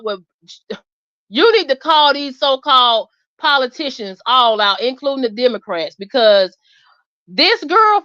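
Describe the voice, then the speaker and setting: A woman, hosting and telling a story in an animated, emphatic way. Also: high-pitched, no echo. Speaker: host. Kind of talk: casual storytelling chat. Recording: dull lo-fi sound.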